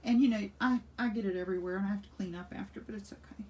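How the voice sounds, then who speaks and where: A woman's voice: medium pitch, very fast, darkish tone, recorded from a distance, highs cut off. A woman in her sixties chatting enthusiastically as she demonstrates a craft, thinking aloud while she works. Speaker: art instructor. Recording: voice slightly off-mic with faint room noise.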